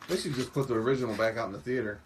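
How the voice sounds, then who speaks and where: A man's voice: medium pitch, very fast. A man co-hosting a casual livestream, dropping short, dry quips. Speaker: co-host. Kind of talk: casual chat. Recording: distant mic with faint background noise.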